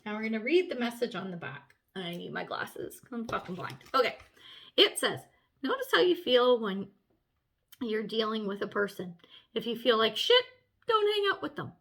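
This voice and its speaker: A woman giving a casual tarot reading to camera, chatty and animated, swearing freely and laughing often. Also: fairly high pitch. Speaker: tarot reader.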